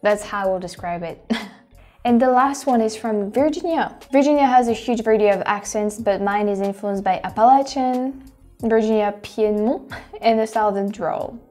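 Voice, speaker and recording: A woman's voice: mid-range voice, moderate pace, a little mellow, soft background music. A woman with a French accent, a native French speaker, hosting a vlog and thinking aloud with many restarts and fillers. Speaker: host. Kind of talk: casual vlog commentary.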